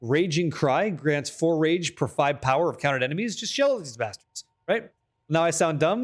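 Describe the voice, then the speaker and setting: A young man streaming a game, chatting casually with viewers, reading patch notes aloud and swearing freely when excited. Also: on the high side, a little fast. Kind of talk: casual live-stream chat.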